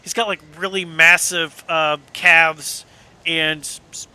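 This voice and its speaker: Man, game master, casual tabletop narration, slow, bright voice, fillers and swearing. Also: on the high side, fairly even intonation, clean tone.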